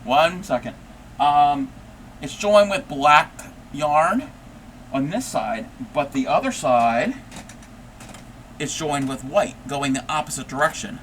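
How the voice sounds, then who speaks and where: A man's voice: on the high side, animated, takes it slowly, long pauses, a bit bright, slight background noise. A man hosting a casual crochet livestream, rambling and chatty, laughing often as he talks. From United States. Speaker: livestream host.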